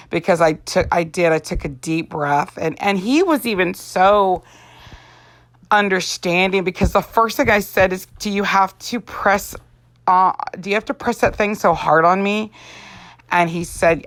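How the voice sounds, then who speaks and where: A tired, yawning woman in her forties, an Avon representative, chats in a rambling way full of fillers while doing her makeup for a casual vlog. Her voice sits on the low side with a fairly bright tone, a slightly slow pace, and no room sound.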